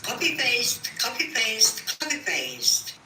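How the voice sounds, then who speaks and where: A woman joining a livestream as a guest, chatting in a playful, lively way. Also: fairly high pitch, takes it slowly, reverberant, far from the mic, a little hiss or hum, low-quality recording. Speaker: stream guest. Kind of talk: casual live-chat talk.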